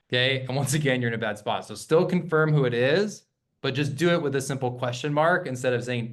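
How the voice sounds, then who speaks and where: A man's voice: mid-range voice, brisk. A man teaching real estate agents in a workshop, talking in a conversational way and often checking in with "okay?". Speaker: real estate sales trainer.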